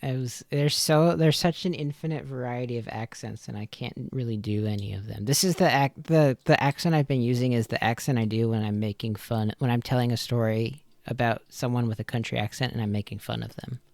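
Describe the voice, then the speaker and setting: A man with a gravelly, fry-tinged voice runs a tabletop game and chats loosely once the session ends. He pokes fun at himself and laughs easily. The recording is close and dry, with no room sound. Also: mid-range voice, brisk, hardly any pauses, no echo. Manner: self-deprecating, laughs often. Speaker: game master. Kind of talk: casual post-session chat.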